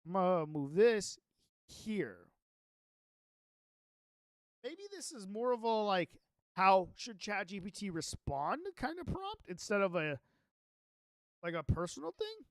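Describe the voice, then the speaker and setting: A young male streamer with a fairly high voice rambles casually to his chat, stopping often to read his own notes aloud. The sound is dry and close, with little room around it. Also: very animated, takes it slowly, pauses often, dry recording. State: sleepy, yawning. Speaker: Minecraft streamer.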